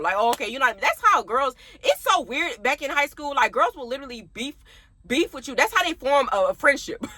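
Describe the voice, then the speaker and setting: Young woman, chatty storyteller, laughs a lot, crisp bright tone. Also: a little high. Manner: chatty, laughs often, talks straight to viewers. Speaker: vlogger. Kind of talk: casual storytime.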